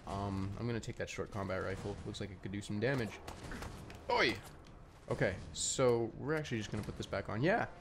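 A man's voice: on the low side, a little fast, background noise. A young man from Canada giving rambling, casual commentary while playing a video game, full of fillers and restarts, chewing candy as he talks. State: eating candy while talking. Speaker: gaming YouTuber.

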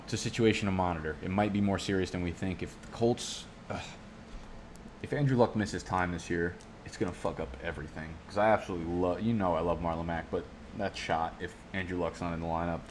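Male streamer, low voice, loose and profane, tangent-prone chat. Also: fairly even intonation, fast, a little hiss or hum. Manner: profane, rambling, goes off on tangents. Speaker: fantasy football youtuber. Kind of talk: casual live-stream commentary. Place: home studio.

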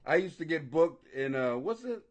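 Chatting casually with viewers, a man sounds animated and profane, joking and laughing often and stumbling over difficult names. His pitch is fairly high and his speed normal.

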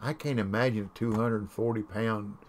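While streaming a game, a man chats casually and tells folksy, rambling stories. His voice is somewhat low and a little mellow, with fairly even intonation at a moderate pace, and there's slight background noise.

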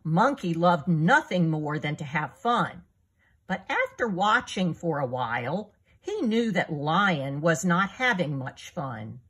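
Author reading her kids' book aloud: slow, animated, breathy woman. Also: lowish voice. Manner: slow, expressive storytelling. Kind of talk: storybook read-aloud for young children.

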